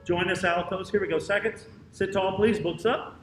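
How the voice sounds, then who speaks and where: A man directing a choir rehearsal, counting off, singing out parts and giving brisk instructions in a rehearsal room with a piano. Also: sits high, steady tone, a bit bright. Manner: brisk counting and sung demonstrations. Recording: roomy, distant mic with piano.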